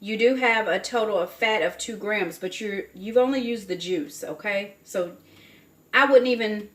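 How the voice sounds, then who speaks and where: At a moderate pace and medium pitch, with a fairly bright tone, a Southern US woman cooks in her home kitchen and chats casually to camera, folksy and talkative, calling her viewers honey and baby. A roomy kitchen sound, cooking noises and faint dish and cutlery clatter are in the background.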